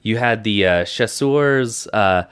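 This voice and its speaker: A man with a smooth, clear and somewhat low voice co-hosts a casual podcast. He rambles through his points with plenty of fillers and easy laughter. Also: takes it slowly, fairly bright tone. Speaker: podcast co-host. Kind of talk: casual chat.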